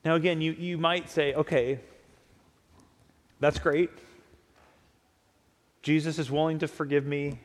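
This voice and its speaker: A man's voice: fairly high pitch, level tone, measured pace, pauses often. A man preaching a conversational sermon, often acting out imagined dialogue. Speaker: pastor. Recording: long hall reverb.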